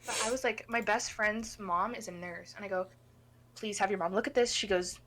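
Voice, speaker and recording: A woman's voice: medium pitch, brisk, background noise. Young woman, podcast co-host, chatty storyteller who curses a lot. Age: young adult. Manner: animated, swears a lot, acts out quoted people. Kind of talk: casual storytelling chat.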